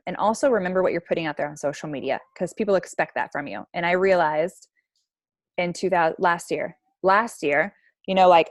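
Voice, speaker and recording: A woman's voice: fairly low pitch, dry recording. A woman in her thirties coaching her team on a call, talking in a casual, chatty way with lots of "like" and "right?".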